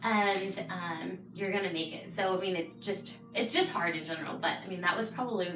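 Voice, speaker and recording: A young adult woman, a podcast guest, telling a personal story in casual chat with lively bursts and frequent laughter. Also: on the low side, brisk, music in the background. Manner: animated storyteller, laughs often. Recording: roomy, distant mic.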